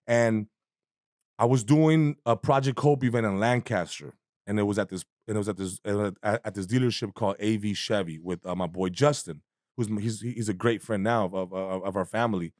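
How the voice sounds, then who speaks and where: A man, telling an animated story as a guest comedian in a casual chat, swearing freely and acting out voices. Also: fairly low pitch, a little fast, dry recording, studio quality.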